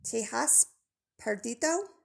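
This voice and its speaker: Woman doing a bright, friendly young island girl. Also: a little high, expressive, slow, vocal fry, exaggerated voice.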